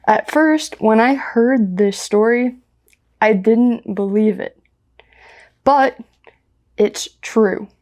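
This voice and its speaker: American woman, young adult, English teacher, very slow deliberate pace, clear simple storytelling. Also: on the high side, a little mellow.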